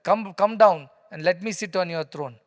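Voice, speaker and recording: Man doing a ragged wise man, Indian English accent, high voice, accusing and loud, long hall reverb. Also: moderate pace, close to an everyday voice. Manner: accusing, shouting.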